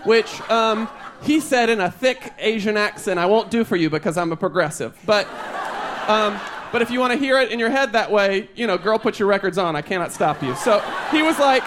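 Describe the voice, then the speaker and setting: Male stand-up comedian with a high voice, chatty and rambling, laughs at his own jokes. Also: animated, fairly quick, fairly bright tone, a little hiss or hum. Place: live comedy show stage.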